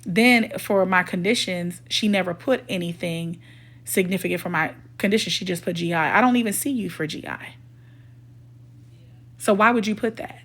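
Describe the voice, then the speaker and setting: A woman with a lowish, fairly bright voice speaks at normal speed while sharing a personal story as a storytime vlogger. Her retelling is casual, emphatic and indignant, and she voices the people in the story, acting out their quoted dialogue.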